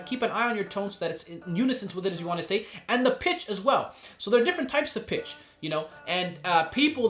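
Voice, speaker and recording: A man giving a casual lesson on performing poetry, animated and showing the delivery he describes. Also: high-pitched, roomy sound. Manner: animated, demonstrates voices and pauses. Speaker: spoken word poetry teacher.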